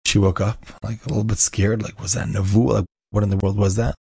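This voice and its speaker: A man's voice: lowish voice, level tone, fairly quick, creaky, dark tone, slightly rough, no room sound. A man telling an inspirational story, emphatic and repeating key phrases for effect. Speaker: inspirational speaker.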